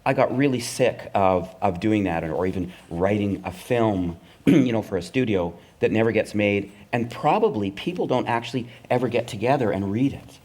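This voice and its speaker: A man's voice: fairly low pitch, expressive, moderate pace, hardly any pauses, a little mellow. A middle-aged man from Canada, a comedy writer telling stories in a live onstage conversation, dry and wry, acting out the voices of others. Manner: wry, anecdotal, acts out the voices of network executives. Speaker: comedy writer and performer, guest.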